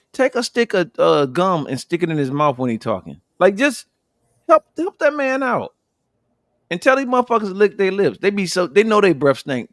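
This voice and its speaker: A man co-hosting a casual podcast, telling stories in an animated, profane way with loud bursts. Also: a little high, no echo, studio quality. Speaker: podcast co-host.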